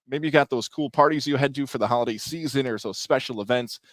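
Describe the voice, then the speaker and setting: Male radio co-host, upbeat ad reader, mid pitch, close dry mic. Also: quick pace, no room sound. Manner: upbeat, salesy pitch delivery. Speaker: radio show co-host reading sponsor ads. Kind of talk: casual talk and live ad reads. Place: live remote broadcast at a car dealership.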